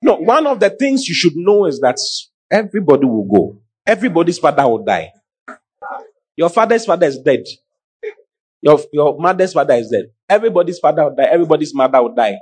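Husky male preacher, middle-aged, slightly high voice, lively delivery calling to the congregation. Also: brisk. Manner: animated preaching, calls to the congregation. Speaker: pastor. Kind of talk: sermon.

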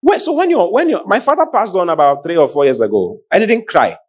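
Husky male preacher, middle-aged, slightly high voice, lively delivery calling to the congregation. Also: a little fast. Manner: animated preaching, calls to the congregation. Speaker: pastor. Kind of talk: sermon.

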